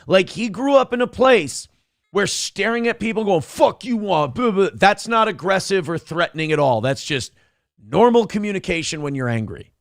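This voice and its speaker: A man's voice: sits high, expressive, normal speed. A man hosting a morning show, commenting sarcastically on a viral video and laughing at it.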